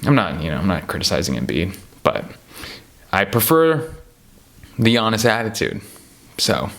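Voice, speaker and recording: A man's voice: deep voice, normal speed, creaky. A man in casual chat about basketball players, rambling and getting worked up as he talks, full of fillers and asides. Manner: animated, rambling, gets worked up. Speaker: podcast host ranking basketball players.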